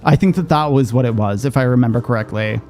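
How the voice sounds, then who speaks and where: A man streaming a game, chatting rapidly and swearing freely as he plays. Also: mid-range voice, darkish tone, faint music behind. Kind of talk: casual gaming commentary.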